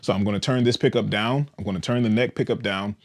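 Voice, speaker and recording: Easygoing lower-voiced man explaining gear. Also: quick pace. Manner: relaxed, explanatory, peppers speech with "all right". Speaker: bass guitar demonstrator. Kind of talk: casual instructional demo.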